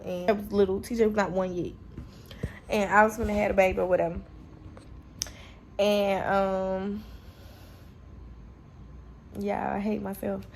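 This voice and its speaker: A young woman vlogger telling a personal story to camera in a candid, profane, animated way, acting out the lines she quotes. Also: medium pitch, vocal fry, a little hiss or hum.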